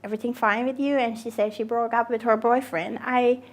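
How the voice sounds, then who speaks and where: A woman's voice: a little high, a little fast. A woman who grew up in Germany and owns a cafe, talking in a documentary interview and acting out quoted dialogue with frequent laughs. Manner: lively, acts out quoted dialogue, laughs often. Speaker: cafe owner.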